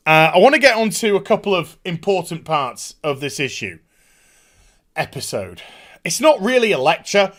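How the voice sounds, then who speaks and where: Male TV reviewer, high animated voice, scornful casual rant. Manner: sarcastic, sweary, mocking. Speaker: YouTube TV reviewer.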